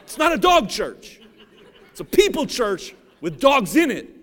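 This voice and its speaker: A man's voice: very high-pitched, very animated, measured pace. A man from Cincinnati, Ohio, preaching a sermon in a conversational, joking way and often checking that the audience follows along. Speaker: pastor.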